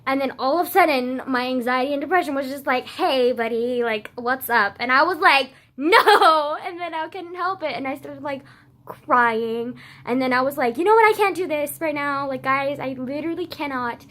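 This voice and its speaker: A high, bright teenage girl rants through a personal story, full of "like" fillers and curse words. She drops into low mumbles and then bursts out loud again. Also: a little fast. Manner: swearing, frequent "like" fillers, swings from low mutters to loud outbursts. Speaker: vlogger. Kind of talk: casual storytime rant.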